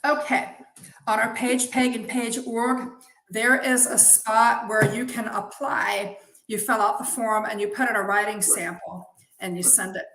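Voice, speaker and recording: A woman's voice: on the high side, fairly even intonation, unhurried, fairly bright tone. Chatty woman in an echoey room. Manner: chatty and enthusiastic, full of praise. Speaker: guest, zine head witch. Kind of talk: casual interview chat.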